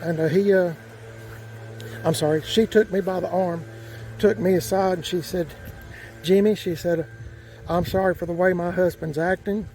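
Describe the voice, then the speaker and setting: A man's voice: high voice, steady tone, moderate pace, long pauses, mellow, soft background music, poor audio. A man telling a rambling, folksy story outdoors, with lots of fillers and restarts. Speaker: vlogger. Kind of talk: casual storytelling.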